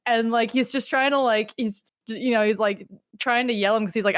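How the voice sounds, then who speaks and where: A woman's voice: on the high side, fairly even intonation, normal speed, no echo, clean studio sound. A woman co-hosting a casual show, retelling events with acted-out quotes and frequent swearing. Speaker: podcast co-host. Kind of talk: casual chat.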